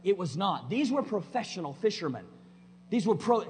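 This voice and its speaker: Preacher in a reverberant church hall. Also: male voice, high voice, sing-song, moderate pace. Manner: swings from loud emphatic preaching to quiet conversational asides; folksy, plainspoken. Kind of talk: sermon. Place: church sanctuary. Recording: long hall reverb with faint hum.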